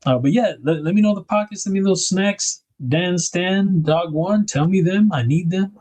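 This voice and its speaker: Here a man with a high-pitched, slightly mellow voice runs a laid-back livestream at a moderate pace. He talks with his audience, reads comments aloud, and laughs frequently.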